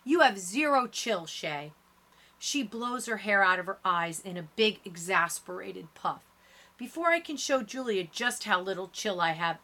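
A woman reading a first-person audiobook in steady, lower-key narration.

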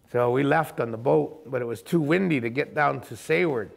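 A man with a mid-range voice and vocal fry, who runs a kayak camp and tour boat, recounts his own experience. He tells it vividly and colloquially, with quick asides along the way.

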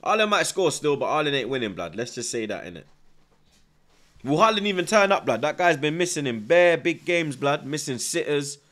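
A man's voice: a little high, big pitch swings, brisk, fairly bright tone. A young man, chatting casually on a live football stream, reading out viewer comments, nervous but hyped. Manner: slangy, repeats himself, reads out chat, nervous yet hyped.

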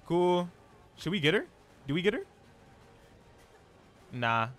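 A young man streaming live gameplay, chatting in an excitable, slangy, self-mocking way. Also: high-pitched, slow, faint music behind.

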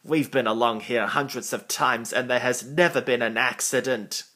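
A man's voice: mid-range voice, fairly even intonation, normal speed, sharp tone. A man reading a storybook aloud and voicing an indignant engine driver. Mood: cross. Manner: cross.

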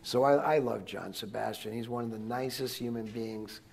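An older man visits students as a guest and spins digressive stories for the live audience, often starting over and chuckling. He speaks at a normal pace in a gravelly, mid-range voice with a darkish tone.

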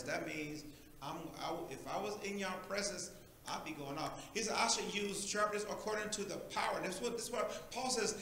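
A male pastor preaching a sermon in a church, animated and talking back and forth with the congregation. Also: sits high, a little fast, very echoey, a little hiss or hum, low-quality recording. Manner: animated, preachy call-and-response.

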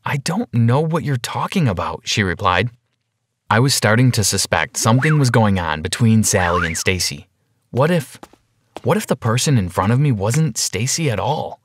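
Low, animated male storyteller. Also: normal speed, a little hiss or hum. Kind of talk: first-person animated story narration.

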